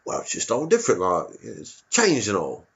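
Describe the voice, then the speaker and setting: A man's voice: fairly low pitch, wildly swooping pitch, moderate pace, gravelly, exaggerated voice. A man voicing a grumbling East London local who talks vaguely and repetitively, ending his lines with tag questions. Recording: dull lo-fi recording.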